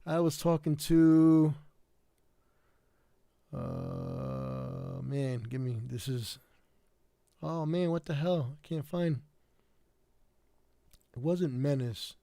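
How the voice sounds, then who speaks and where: A man's voice: on the high side, very animated, very slow, gravelly, pauses often, warm tone, dry recording. A tired man from the South Bronx with a New York accent, chatting casually to his livestream viewers, rambling with lots of fillers and restarts. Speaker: livestream host.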